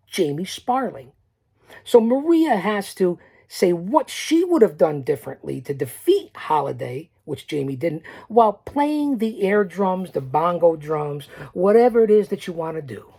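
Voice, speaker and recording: A male podcast host giving a boastful solo recap of a tournament. He talks straight to his listeners, urging them to stay, and drops now and then to a low mutter. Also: big pitch swings, moderate pace, creaky, darkish tone, slightly rough.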